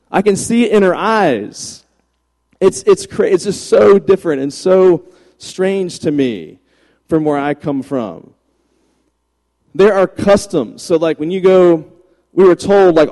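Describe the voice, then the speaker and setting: A man in his forties from Virginia, a pastor telling funny stories in a chatty, animated sermon. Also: on the high side, unhurried. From Virginia, USA. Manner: chatty, joking, animated anecdotes. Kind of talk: humorous sermon storytelling. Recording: long reverb of a large hall.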